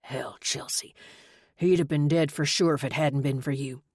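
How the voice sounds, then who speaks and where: A woman voicing a gruff young rancher man with a hoarse, husky voice in an audiobook. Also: very deep voice, fairly even intonation, normal speed, a little mellow, no echo, studio quality, heavily acted. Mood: gruff, emotional.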